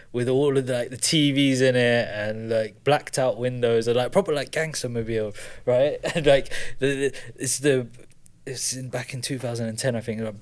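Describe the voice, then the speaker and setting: A man, co-hosting a podcast in casual chat, telling animated stories and laughing often. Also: medium pitch. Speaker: podcast co-host.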